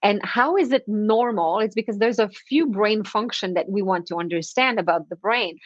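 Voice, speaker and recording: Animated woman explaining with lively examples. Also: mid-range voice, moderate pace, dry recording, dull audio. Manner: animated, acts out little everyday scenes, laughs often. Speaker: confidence expert guest. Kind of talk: conversational podcast explanation.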